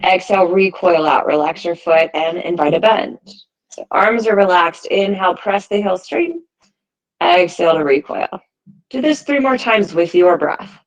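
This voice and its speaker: Calm woman guiding a yoga class. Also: lowish voice, moderate pace, rough recording. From United States. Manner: calm, encouraging cues timed to the breath. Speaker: yoga teacher. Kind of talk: guided yoga class instruction.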